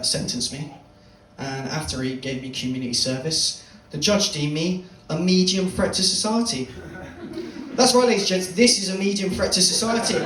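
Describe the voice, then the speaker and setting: A young man performing a stand-up set in a comedy club, telling a swearing, deadpan story and teasing the crowd. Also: fairly high pitch, slight background noise. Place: comedy club stage, live audience. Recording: roomy club sound from a distance.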